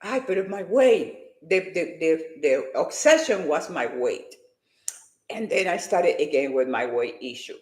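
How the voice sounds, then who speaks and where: A woman and fitness competitor giving an emotional, animated personal faith testimony. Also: sits low, a little slow, echoey room.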